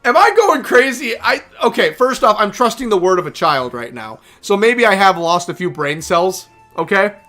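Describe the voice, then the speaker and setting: Hoarse streamer with bright tone. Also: mid-range voice, sing-song, faint music behind. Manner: rambling, self-mocking, quick asides. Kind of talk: casual game livestream talk.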